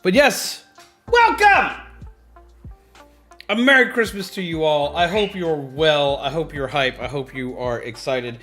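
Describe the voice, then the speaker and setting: A man hosting a casual livestream, chatty and excitable, greeting viewers and repeating himself. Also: on the high side, normal speed, hardly any pauses. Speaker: livestream host. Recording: faint background music.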